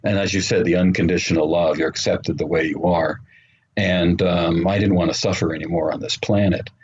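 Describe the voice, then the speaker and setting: A man telling his story as an interview guest, earnest and unhurried, with frequent ums and uhs. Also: deep voice, steady tone, husky. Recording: muffled remote call audio with faint noise.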